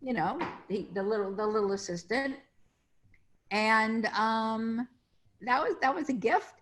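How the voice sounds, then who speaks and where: A woman's voice: fairly high pitch, a little slow. A middle-aged woman, a casting director, telling industry anecdotes in a casual interview over a video call. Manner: chatty anecdotes, acting out quoted voices.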